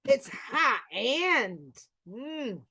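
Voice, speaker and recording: Playful, blunt middle-aged woman host with a high voice, for casual gossip talk. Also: big pitch swings, very slow, bright, forceful tone, breathy edge, no echo, poor audio.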